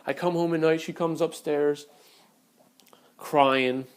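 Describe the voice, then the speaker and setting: A man's voice: on the high side, steady tone, slow pace. A man telling a personal story on camera in a blunt, profane, heated way. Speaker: vlogger. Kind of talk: casual storytelling rant.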